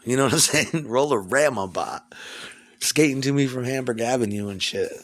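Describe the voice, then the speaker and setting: A man's voice: medium pitch, fairly quick. A man at home, talking in a rambling, profane, stream-of-consciousness monologue.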